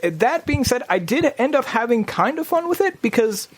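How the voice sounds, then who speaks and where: A man co-hosting a gaming podcast, telling a rambling story in casual chat with lots of restarts and sudden jumps in pitch. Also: very animated, normal speed. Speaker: podcast co-host. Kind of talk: casual chat about video games.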